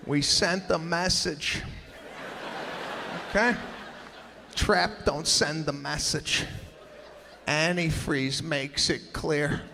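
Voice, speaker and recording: A man performing a stand-up routine on a theater stage, telling family stories and bursting into loud shouts as he acts out relatives. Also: fairly high pitch, drawn-out words, creaky, long pauses. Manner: animated, acting out family members in loud bursts. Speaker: stand-up comedian. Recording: live show in a large reverberant venue with crowd noise.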